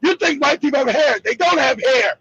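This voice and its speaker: A male host who talks loudly with profanity and often shouts through animated retellings. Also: very high voice, a little fast, gravelly, no room sound, dull audio. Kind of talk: heated live broadcast talk.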